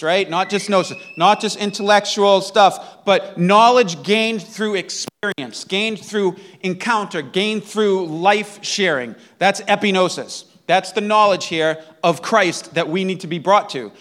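A man with a noticeably high-pitched voice delivers a sermon. He explains things in an earnest teaching manner and keeps checking in with a quick "right?" His throat-clearing comes up again and again between points. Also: fairly bright tone. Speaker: pastor.

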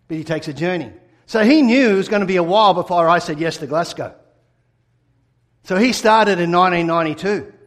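A pastor telling a personal story in a sermon, animated and acting out his own replies. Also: high voice.

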